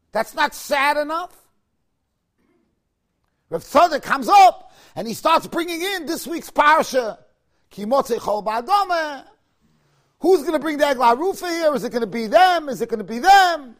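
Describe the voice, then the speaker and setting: A man delivers a Talmud lecture in an unusually high voice. He argues with impassioned rhetorical questions and sudden bursts of emphasis, mixing Hebrew and Aramaic terms into his English. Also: sing-song, normal speed, long pauses. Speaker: rabbi teaching Talmud.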